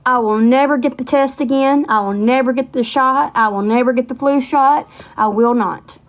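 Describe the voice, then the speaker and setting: A woman in her thirties with a high, bright-pitched voice chats on a livestream. She rambles and piles on colloquial asides as she tells her stories. The audio is a little dull and lo-fi. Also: moderate pace. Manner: chatty, animated, rambling with Southern colloquialisms. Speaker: livestream host. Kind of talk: casual livestream storytelling.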